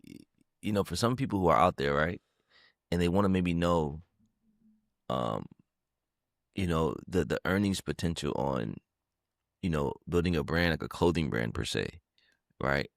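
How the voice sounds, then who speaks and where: A man's voice: rumbling low, expressive, normal speed, vocal fry, long pauses, no room sound, clean studio sound. A man hosting a podcast interview, affirming his guest and stumbling a little into his questions. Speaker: podcast host. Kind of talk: casual interview chat.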